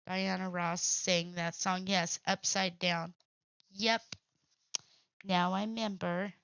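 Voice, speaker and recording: A woman's voice: lowish voice, flat delivery, slow, gravelly, fairly bright tone, smooth, no room sound. A woman hosting a crafting stream, chatting bluntly with salty language and frequent laughs. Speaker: crafting channel host. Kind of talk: casual craft livestream chat. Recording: dull lo-fi sound.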